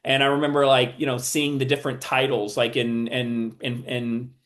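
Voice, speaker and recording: Halting man, guest writer. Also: mid-range voice, little pitch movement, fairly bright tone. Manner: halting, restarts a lot while thinking. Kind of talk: casual interview chat.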